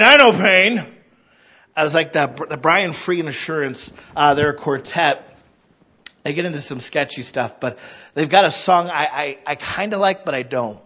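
A man in his thirties preaching a conversational sermon, animated and acting out little quoted voices. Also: fairly high pitch, dull audio.

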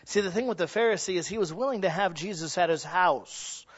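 A male pastor delivering a sermon, dropping to hushed low lines and building to loud peaks, acting out quoted voices as he tells stories. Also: a little fast, husky. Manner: acts out quoted voices in storytelling. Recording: dull lo-fi recording.

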